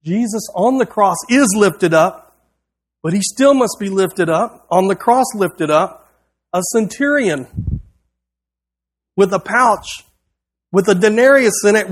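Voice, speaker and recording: A man's voice: high voice, expressive, unhurried. A man preaching a sermon, reading a prepared text aloud in an earnest, rhythmic way with a repeated refrain.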